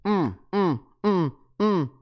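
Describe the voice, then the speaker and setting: A young man livestreaming to his chat in a casual, slangy way, getting excited and repeating himself. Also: high voice, slow. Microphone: webcam setup.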